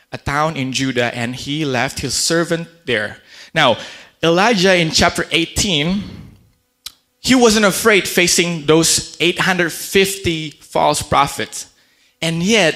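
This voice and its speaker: A man giving a casual sermon, his voice bright and forceful and sitting a little high. He retells Bible stories in everyday speech, tripping over repeated words and fillers. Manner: conversational, acts out quotes in a chatty voice. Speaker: pastor.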